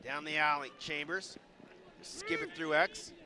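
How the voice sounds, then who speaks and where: A man calling a lacrosse game live, rattling off names quickly and shouting on goals and saves. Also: a little high, huge pitch swings. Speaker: play-by-play commentator. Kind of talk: live sports commentary. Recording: loud stadium crowd behind.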